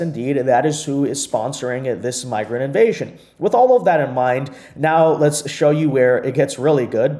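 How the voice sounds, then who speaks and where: A man's voice: fairly high pitch, dark tone. A man hosting a political commentary video, talking in an emphatic, repetitive, mocking way.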